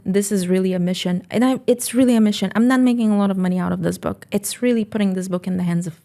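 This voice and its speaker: A woman entrepreneur talking on a podcast, telling animated stories bluntly and swearing freely. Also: medium pitch. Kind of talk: casual podcast chat.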